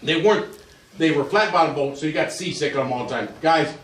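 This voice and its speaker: A man's voice: a little high, fast talker, a bit bright. An older man gives a rambling, folksy slide talk to a group in a museum, repeating himself as he goes. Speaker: museum speaker giving a talk. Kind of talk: informal slide lecture to a group. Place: museum hall with an audience. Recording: echoey room, voice from a distance.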